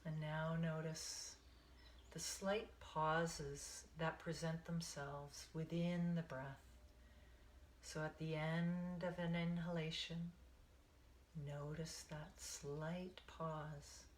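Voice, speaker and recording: A woman meditation teacher leading a guided meditation in a calm, soothing, unhurried way, sometimes dropping to a soft breathy tone. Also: sits low, slight background noise. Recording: echoey room.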